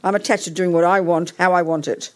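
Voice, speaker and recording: A woman's voice: fairly low pitch, fairly even intonation, fast talker, a little mellow. Rambling Englishwoman leading a group. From England. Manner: rambling, self-interrupting, talks while sorting things out. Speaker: session leader. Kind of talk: leading a hybrid group session. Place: meeting room with a live audience and remote listeners.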